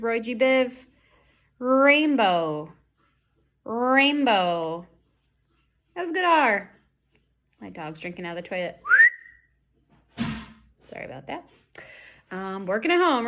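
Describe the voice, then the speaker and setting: A woman teaching an online lesson from home, speaking slowly and modeling speech sounds with exaggerated care. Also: a little high, a bit bright.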